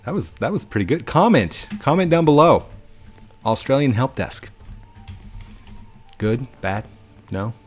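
A man hosting a gaming video, commentating in an excitable, rushed and joking manner. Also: mid-range voice, slightly rough, faint music behind. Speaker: gaming channel host. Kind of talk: game commentary.

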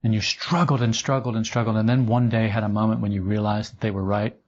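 A man giving an esoteric talk to a group, lively and humorous, acting out little imagined dialogues and laughing at himself. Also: on the low side, fast, slight background noise. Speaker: spiritual teacher. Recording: dull lo-fi sound.

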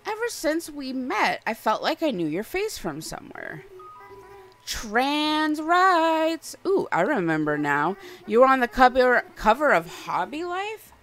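A woman's voice: high voice, very animated, measured pace, a bit bright, faint music behind, exaggerated voice. A woman reading aloud the lines of a friendly female animal villager from a cozy life-sim game, in a chatty, curious tone.

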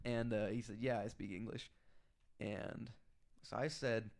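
A man's voice: lowish voice, steady tone, a little slow, gravelly, darkish tone, slight background noise. A man co-hosting a casual podcast, telling rambling stories about his job as a detention officer and acting out the people he quotes. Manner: rambling storyteller who acts out quoted people.

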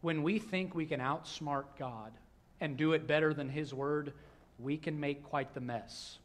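A male pastor, preaching a sermon in a church with a conversational manner that swings between hushed and loud. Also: fairly high pitch, a little slow. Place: church sanctuary.

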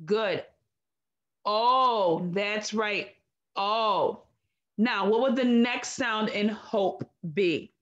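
A woman teaching a recorded phonics lesson to young children, slow, clear and encouraging. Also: medium pitch, muffled recording.

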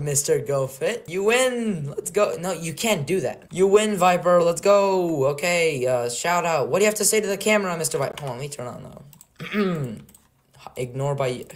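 A young man hosting a game server, commentating in a casual, excitable and joking way at a desk mic. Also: a little high. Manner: excitable, joking and laughing, trolling players. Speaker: game server host and YouTuber.

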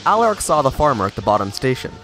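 A man reading a storybook tale aloud in a measured, expressive way. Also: mid-range voice, faint music behind. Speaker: narrator. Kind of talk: storybook narration.

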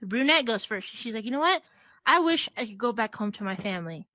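A woman's voice: on the high side, animated, quick pace, bright, forceful tone, no echo. A woman performing a chatty stand-up set in a virtual comedy club, giggling between jokes.

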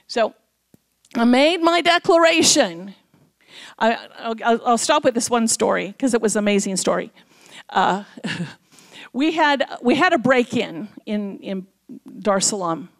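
A middle-aged woman preaches a sermon as guest speaker in a church. Her voice sits a little high. She tells stories with animation and acts out the voices of the people in them. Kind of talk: sermon storytelling.

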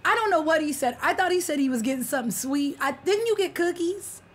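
A woman's voice: sits high, lively intonation, quick pace. A woman streaming a game, bantering playfully with a teammate and greeting viewers in casual chat. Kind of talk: casual livestream gaming chat.

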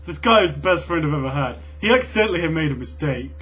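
A man's voice: fairly high pitch, lively intonation, quick pace. A young man hosting a gaming video, joking around, pleading and teasing in a goofy, whiny way. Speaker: gamer host. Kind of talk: casual gaming banter. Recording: game music behind.

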